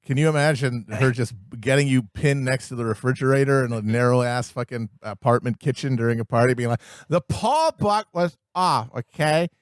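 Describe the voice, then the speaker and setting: A man's voice: mid-range voice, steady tone, fast talker, few pauses, no echo. Riffing man on a dry podcast mic. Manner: rambling, riffing, mocking. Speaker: podcast co-host. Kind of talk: casual comedic podcast chat.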